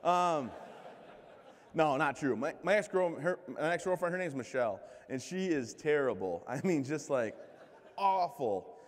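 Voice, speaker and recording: A man in his thirties from Michigan, giving a comic, self-mocking keynote speech with lively crowd banter. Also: a little high, measured pace. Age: 30s. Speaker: keynote speaker. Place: large conference hall. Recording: long hall reverb.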